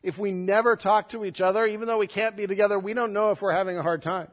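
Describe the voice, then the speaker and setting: A man, a pastor, preaching a sermon, swinging between loud emphatic stress and soft, hushed passages. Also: high voice, steady tone, fast, in a large hall.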